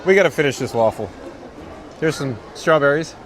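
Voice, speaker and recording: A man's voice: a little high, expressive, brisk, slight background noise. A man hosting a casual live stream outdoors at a theme park, rambling and laughing helplessly.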